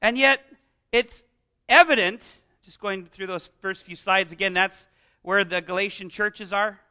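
Man, Canadian pastor, sermon, very bright tone, conversational. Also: sits high, a little slow. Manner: conversational, self-deprecating preaching with asides.

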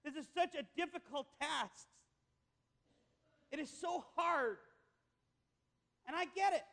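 Slow and fairly bright, a very high-voiced male preacher builds his sermon through repetition in an emphatic, story-driven delivery. Each phrase echoes with a long reverb, suggesting a large hall.

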